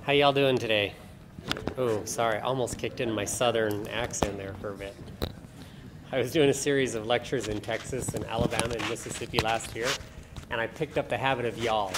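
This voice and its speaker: A man's voice: on the low side, steady tone, a little fast, background noise. A middle-aged man giving a casual, jokey talk on nutrition to a small audience in an event room. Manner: chatty, jokey, self-deprecating. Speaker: guest speaker on nutrition.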